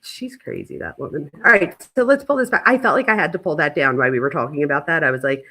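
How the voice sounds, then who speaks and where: A woman's voice: low-pitched, very animated, fast, sharp tone, husky. A woman in her thirties hosting a casual chat, telling stories in a chatty way full of filler words. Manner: chatty storyteller, lots of "like" fillers. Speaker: host.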